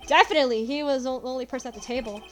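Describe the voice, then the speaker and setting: A woman's voice: high-pitched, rapid-fire, faint music behind, close to an everyday voice. Woman voicing grumpy old Victor Kudo. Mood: gossiping. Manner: rambling, boastful, snaps at people.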